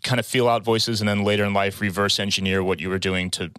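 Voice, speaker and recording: Low-voiced male podcast host. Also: fairly even intonation, fast talker, fairly bright tone, smooth, dry recording, clean studio sound. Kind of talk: casual podcast conversation.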